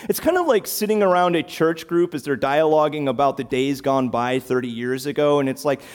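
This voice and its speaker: A man preaching a sermon, animated and emphatic, throwing out rhetorical questions. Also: a little high, brisk, hardly any pauses.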